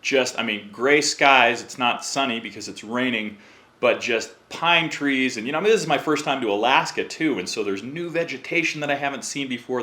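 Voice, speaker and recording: A man's voice: medium pitch, bright, forceful tone. A man, a podcast guest, telling a long story in a chatty way and acting out the voices of the people in it. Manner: chatty, acts out quoted voices. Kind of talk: casual storytelling.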